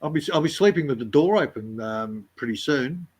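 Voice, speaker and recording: A man's voice: expressive, fairly quick, slightly rough. A man in casual chat, blunt and jokey. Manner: blunt, jokey, mimics others in high voices.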